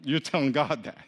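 A man preaching a sermon to his congregation in a casual, conversational way, joking with the crowd and swinging between quiet and loud. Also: a little high, vocal fry, slightly rough. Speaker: pastor. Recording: long hall reverb.

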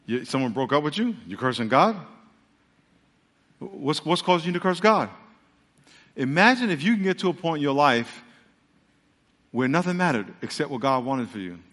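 A pastor preaching a sermon. He tells the story dramatically and acts out the voices, then drops to a low, earnest hush. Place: large church sanctuary. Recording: church hall with long reverb.

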